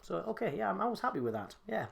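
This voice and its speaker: A man's voice: high voice, very animated, very fast, creaky. A man co-hosting a casual live stream, joking and mocking himself. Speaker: co-host.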